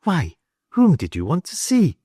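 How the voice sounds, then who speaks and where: A man's voice: sits high, wildly swooping pitch, measured pace, warm tone, slightly rough, dry recording, clean studio sound, voice pushed up, full character voice. A man voicing an earnest young Victorian lady. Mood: puzzled. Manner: questioning, raised and light.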